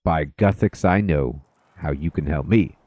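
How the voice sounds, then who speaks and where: A man voicing a fussy, posh bearded dwarf gentleman who talks in plummy upper-class slang, in a video game. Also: a bass voice, a little slow, husky, dry recording, pitched below the performer's own voice, heavily acted.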